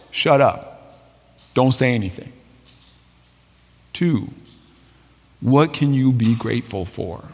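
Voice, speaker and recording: A man's voice: medium pitch, a little mellow, in a large hall. A man preaching a sermon as a pastor, telling a story with fillers and restarts.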